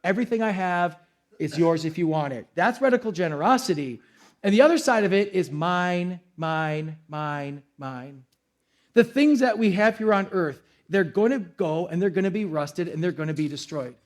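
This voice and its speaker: A man's voice: high voice, expressive, moderate pace. A young adult man preaching a sermon as pastor, in a casual, conversational way with acted-out quotes. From United States.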